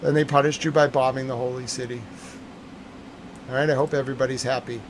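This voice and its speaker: A man's voice: medium pitch, fairly even intonation, fast, slight background noise. A man giving live-streamed commentary on breaking news, agitated and emphatic, repeating his points.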